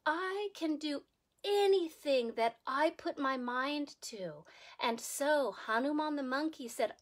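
A woman preschool teacher telling a story to young children, animated and sing-song, asking them questions as she goes. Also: sits high. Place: home.

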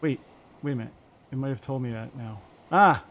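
A man's voice: medium pitch, steady tone, quick pace, warm tone, a little hiss or hum. Chatty man musing while gaming. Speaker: gamer playing on stream. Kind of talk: casual let's-play chat.

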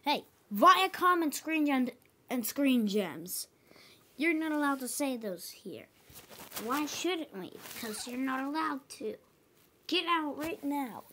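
A woman voicing an angry, strict cartoon teacher who scolds and shouts at her students. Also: high voice, sing-song, takes it slowly, slight background noise, exaggerated voice. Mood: scolding. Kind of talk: amateur logo cartoon voice acting.

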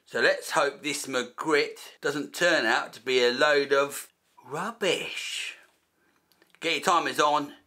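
A man with a medium-pitched, bright, forceful voice hosts a comic paint-along video, painting a copy of a famous artwork. He talks in a dry, joking way and tosses jokey asides to himself.

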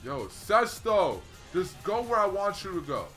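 A man's voice: sits high, very animated, unhurried, fairly bright tone, faint music behind. A young man hosting a casual gaming livestream, chatting freely, greeting viewers and reading their messages aloud. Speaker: livestream host.

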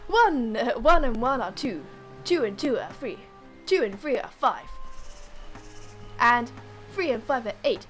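A woman's voice: high voice, sing-song, normal speed, a bit bright, faint music behind, low-quality recording. A woman voicing a cheerful little creature girl who loves to sing, bubbly and sing-song.

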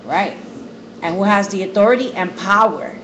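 A woman's voice: mid-range voice, expressive, moderate pace, a bit bright, slight background noise, low-quality recording. Bible study leader, woman, reads verses and comments with repeated words, phone recording. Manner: repetitive emphasis. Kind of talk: reading scripture aloud and commenting.

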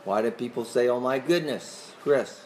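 A man's voice: mid-range voice, normal speed, darkish tone, a little hiss or hum. Conversational man teaching a Bible class. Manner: conversational, asks the class questions, chuckles often.

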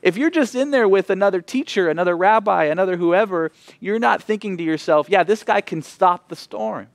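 A man preaching a sermon as pastor, expressive, moving between emphatic lines and hushed ones. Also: high-pitched, a little fast, vocal fry, no echo, studio quality.

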